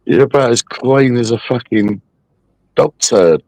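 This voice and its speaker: A man's voice: mid-range voice, measured pace, darkish tone, no echo. A man hosting a livestream, taunting a viewer in a mocking, aggressive rant full of swearing. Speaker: livestream host.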